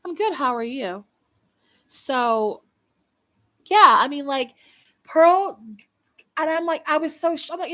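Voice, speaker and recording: A young woman talks straight to her livestream audience in a loose, unscripted way. Her voice sits a little high, and she is blunt and swears freely. She often stops and restarts her sentences. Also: animated, slow pace, long pauses, pushed and bright. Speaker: livestream host. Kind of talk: casual livestream chat.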